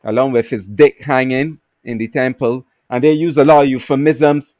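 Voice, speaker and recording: A man on a video call in a casual livestream discussion, explaining slowly with many fillers and restarts. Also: mid-range voice, steady tone, darkish tone, dry recording.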